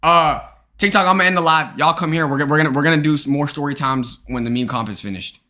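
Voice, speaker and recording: A young man hosting a live stream, chatting casually and jokingly with his viewers in an animated way. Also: on the high side, fast. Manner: animated, joking, talks straight to chat. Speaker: streamer host.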